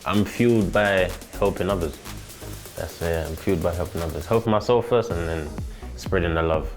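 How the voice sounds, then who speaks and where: A man's voice: deep voice, normal speed, over music. A man answering interview questions in a blunt, confident way. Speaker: guest boxer.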